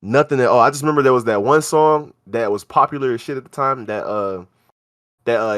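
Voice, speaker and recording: Young man, podcast co-host, casual storytelling, slangy, animated, mid-pitched voice. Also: fast. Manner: animated, slangy, acts out quoted lines.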